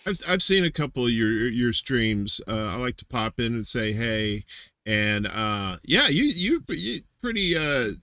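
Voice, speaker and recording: A bright-voiced man hosts a loose live-stream chat over a video call, rambling and joking as he goes. He restarts his sentences often, and his voice sounds dry and close. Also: mid-range voice, sing-song, normal speed, hardly any pauses, no room sound. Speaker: host.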